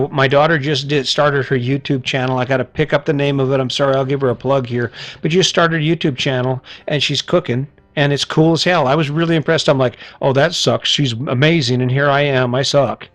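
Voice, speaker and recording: A middle-aged man hosting a podcast, delivering a blunt motivational monologue full of rhetorical questions and casual swearing. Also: mid-range voice. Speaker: podcast host.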